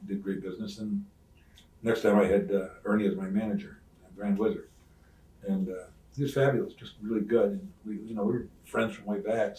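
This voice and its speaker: An older retired wrestler telling stories in an interview, acting out the voices of others with loud swings. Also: male voice, on the low side. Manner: animated storyteller, acts out quoted voices, loud swings. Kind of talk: shoot interview storytelling. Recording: roomy sound, mic at some distance.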